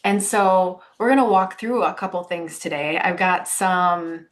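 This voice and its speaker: A woman coaching on a live stream, bubbly and excitable, greeting viewers as she walks outdoors and talks into a phone. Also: on the low side, unhurried. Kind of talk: casual live-stream talk. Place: outdoors on a walk.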